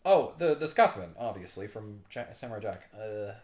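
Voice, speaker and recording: A man's voice: on the low side, sing-song, fairly quick, darkish tone, roomy sound. A man reading and chatting through a game playthrough, casual, rambling and self-mocking. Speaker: let's play streamer.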